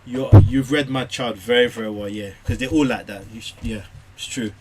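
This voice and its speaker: A man from England, a parent, telling a Bible study group about his children in a lively, animated way, acting out their voices. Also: mid-range voice, a little fast, heavy background noise. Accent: British English. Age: adult parent. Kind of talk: casual group discussion.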